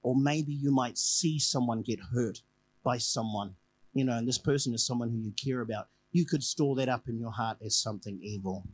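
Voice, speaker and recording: A man's voice: mid-range voice, normal speed, slight background noise, poor audio. A man preaching a conversational evening sermon, telling a personal story and repeating key phrases for emphasis.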